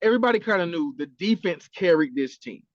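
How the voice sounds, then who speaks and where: A man's voice: high-pitched, fast talker, no room sound, dull audio. A man co-hosting a podcast, talking casually and with animation, swearing a lot and acting out quotes. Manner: animated, profane, acts out quotes. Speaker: podcast co-host. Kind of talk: casual chat.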